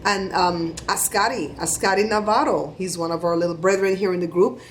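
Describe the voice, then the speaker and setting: A middle-aged woman vlogger giving chatty, animated shout-outs to her viewers. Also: lowish voice, a little fast, slight background noise. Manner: chatty, animated storytelling with laughs.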